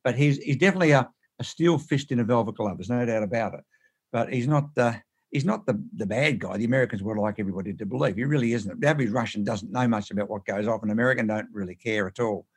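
Male guest storyteller, rapid and emphatic, mid pitch, keeps repeating and restarting words. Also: husky. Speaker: interview guest. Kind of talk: animated anecdotal storytelling.

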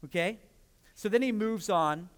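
A man preaching a sermon as pastor, telling stories and acting out quotes with lively energy. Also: high voice, unhurried. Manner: animated storytelling with acted-out quotes. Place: church sanctuary. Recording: long hall reverb.

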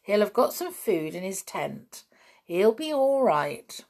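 A woman reading the part of a sensible older schoolboy who leads the group, calm and decisive. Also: mid-range voice, slow, vocal fry, exaggerated voice. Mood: firm. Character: steady older schoolboy Julian, sensible leader.

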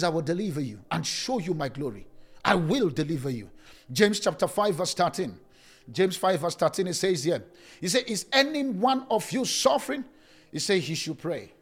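A man preaching as a pastor, swinging between loud and soft, with sudden rises and drops in pitch. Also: husky. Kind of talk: sermon.

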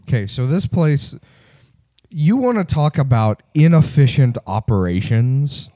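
Laughing, animated male podcast host. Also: medium pitch, unhurried, no room sound, clean studio sound. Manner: animated storyteller, laughs often. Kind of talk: casual chat.

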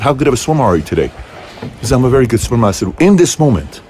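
Middle-aged male host, low voice, lively storyteller for a motivational video, faint ambience. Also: a little hiss or hum. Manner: animated storytelling, voice jumping high on key moments. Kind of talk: motivational talk to camera.

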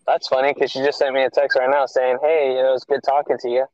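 A man's voice: medium pitch, little pitch movement, fast, darkish tone, highs cut off. A young man co-hosting a podcast in casual chat, firing back teasing, matter-of-fact comebacks. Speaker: podcast co-host.

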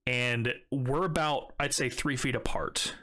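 A man's voice: mid-range voice, steady tone, a little slow, pushed and bright. A young man casually telling a story, swearing often and rambling with many fillers. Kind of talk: casual chat.

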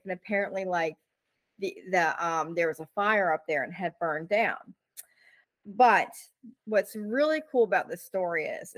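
A woman's voice: lowish voice, a bit bright, no room sound. A woman co-hosting a podcast who tells a story in casual chat, full of "like" and "you know", and acts out the quotes. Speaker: podcast co-host.

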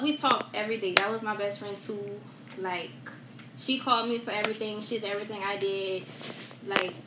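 A young woman as a guest, telling a personal loss in a soft, halting way with many fillers and repetitions, in a roomy, noisy recording. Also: mid-range voice. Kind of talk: emotional personal story in a podcast chat. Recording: roomy echo with steady background noise.

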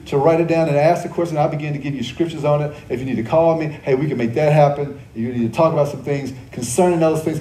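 A man's voice: on the high side, mellow, echoey room, a little hiss or hum, poor audio. A male pastor delivering a sermon, repeating key phrases, quizzing the congregation and adding joking asides. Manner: conversational preaching with joking asides. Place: church service.

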